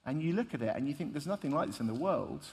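A preacher in a reverberant hall. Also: male voice, on the high side, expressive, quick pace, a little mellow. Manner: storytelling, emphatic, conversational. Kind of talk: sermon. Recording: long reverb of a large hall.

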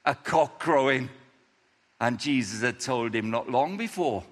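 A man preaching a lively, chatty sermon, acting out the characters' lines in different voices. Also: mid-range voice, a little slow, in a large hall. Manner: animated, acts out quotes in voices, chatty asides.

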